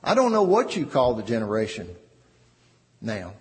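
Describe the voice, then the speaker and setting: A man preaching a sermon, slow and emphatic with dramatic pauses, in a church. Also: mid-range voice, wildly swooping pitch, in a large hall.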